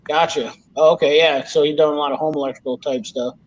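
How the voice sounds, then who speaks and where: A man with a notably high voice chats casually, rambling through long stories and swearing as he goes. The recording is dull and lo-fi. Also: fairly even intonation, fast. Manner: rambling storyteller, swears freely. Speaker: podcast host. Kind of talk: casual chat. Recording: dull lo-fi sound.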